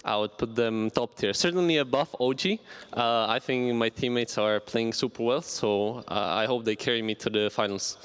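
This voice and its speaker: A man, a professional player, answering interview questions in a relaxed, joking way. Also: medium pitch, normal speed, hardly any pauses, clean tone. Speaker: pro player. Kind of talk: on-stage interview.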